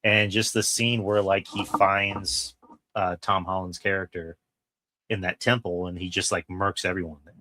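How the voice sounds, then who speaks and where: Deep-voiced man retelling scenes with profanity. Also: level tone, normal speed, sharp tone. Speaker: podcast co-host. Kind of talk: casual film review chat.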